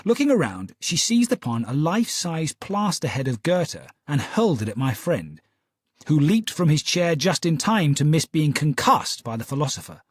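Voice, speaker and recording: A man narrating a story in a measured, expressive way. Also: fairly high pitch, breathy edge, no room sound, clean studio sound. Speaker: audiobook narrator. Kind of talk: scripted narration.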